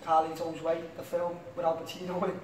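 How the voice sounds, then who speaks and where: A man's voice: on the high side, monotone, quick pace. A young man with a Liverpool accent, a singer chatting casually as an interview guest, rambling and full of "you know what I mean". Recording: echoey room, distant mic, faint noise.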